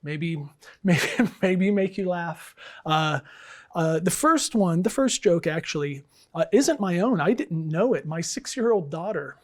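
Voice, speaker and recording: A middle-aged man with a somewhat high-pitched voice tells jokes in a casual, unbothered manner. He sounds like a professor chatting, dry and relaxed, with frequent fillers. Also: a little slow. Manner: dry, easygoing, unbothered, with frequent ums and uhs. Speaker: English professor and department chair. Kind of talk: telling jokes to camera. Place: college setting.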